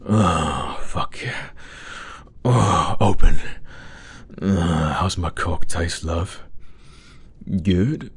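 Low husky man, slow commanding murmur. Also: no room sound. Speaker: audio role-play performer. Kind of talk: adult audio role-play.

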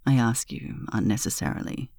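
A woman in a whispered role-play, narrating in a dominant, commanding way with a breathy, half-whispered delivery. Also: moderate pace, warm tone, no room sound, clean studio sound. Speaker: erotic audio narrator.

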